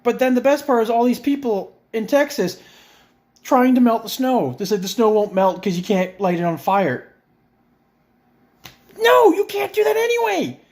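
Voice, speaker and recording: A man's voice: high voice, moderate pace, a little mellow. A middle-aged man in a friend's house, ranting with heavy swearing, exasperated and sarcastic. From Canada. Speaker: vlogger. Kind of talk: profane comedic rant.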